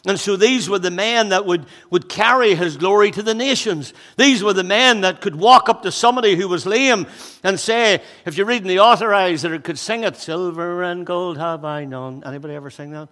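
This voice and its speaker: A man with a high, bright voice, preaching with energy and chatty asides while a little out of breath. His voice carries a long reverb from the hall around him. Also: brisk. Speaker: pastor. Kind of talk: sermon.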